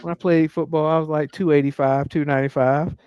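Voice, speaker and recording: A man in his thirties with a slightly high voice spins casual stories, acting out what he thought in a lively, playful way. The sound is close and dry, with no room around it. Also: fast, clear, resonant tone, dry recording, dull audio. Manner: animated storyteller acting out his own inner voice. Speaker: podcast co-host. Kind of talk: casual chat.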